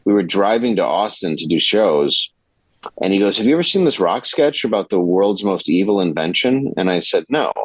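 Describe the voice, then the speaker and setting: A man's voice: low-pitched, moderate pace, breathy edge, no room sound, poor audio. A man, a comedian guest, chatting casually on a podcast and telling a story with lots of laughter and acted-out quotes. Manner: animated storyteller, laughs often, acts out quotes.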